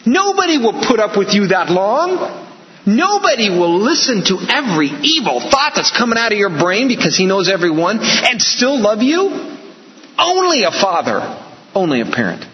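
A man's voice: high-pitched, huge pitch swings, moderate pace, a little hiss or hum. A man preaching a sermon, emphatic and repetitive, with joking asides. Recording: echoey hall, slightly dull sound.

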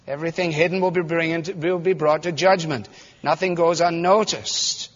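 A man with a high voice preaches a sermon, working through scripture and putting rhetorical questions to his listeners. He builds toward fervent emphasis. The sound is dull and muffled, with a long reverb from the hall around him.

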